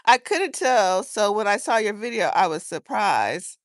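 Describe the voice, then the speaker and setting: A woman's voice: medium pitch, expressive, a little slow, dry recording, clean studio sound. A woman chatting casually on a livestream, rambling and earnest as she talks to viewers from her garden outdoors. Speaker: livestream host.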